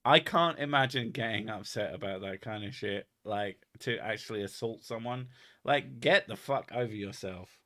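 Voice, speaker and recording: A man's voice: fairly low pitch, normal speed, a bit bright. A man chatting casually and swearing freely as a stream host. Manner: sweary, laid-back banter. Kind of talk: casual chat.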